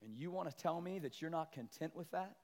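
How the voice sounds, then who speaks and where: A man voicing God as a quiet landowner. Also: on the high side, lightly acted. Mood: gently firm. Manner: quiet, measured rhetorical questions. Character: God, calm patient landowner questioning. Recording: long church hall reverb.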